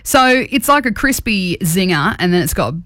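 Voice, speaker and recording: A woman's voice: medium pitch, big pitch swings, normal speed, fairly bright tone, dry recording, studio quality. A woman with an Australian accent hosting a radio show in casual, chatty, jokey talk. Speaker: radio host.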